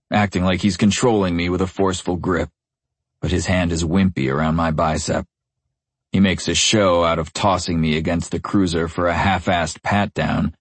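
A man's voice: sits low, husky, dry recording. A young man narrating a first-person novel in a gritty, intense tone. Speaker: audiobook narrator.

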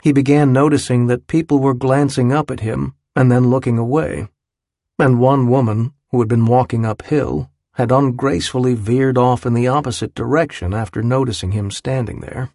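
Gravelly man narrating an audiobook. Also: medium pitch, fairly even intonation, moderate pace, darkish tone, dry recording, clean studio sound. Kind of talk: scripted narration.

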